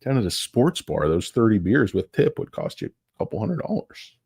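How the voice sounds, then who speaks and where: A middle-aged man hosting a rambling stock market stream, full of crude jokes, tangents and sudden loud bursts. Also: fairly low pitch, very animated, moderate pace, gravelly, slightly rough, dry recording, studio quality. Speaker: stock market livestream host. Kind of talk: rambling casual market commentary.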